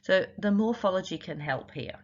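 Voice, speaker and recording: A woman's voice: on the low side, normal speed, muffled recording. A woman teaching spelling in an instructional video, explaining patiently step by step with many examples and frequent "um" fillers. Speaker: literacy teacher trainer.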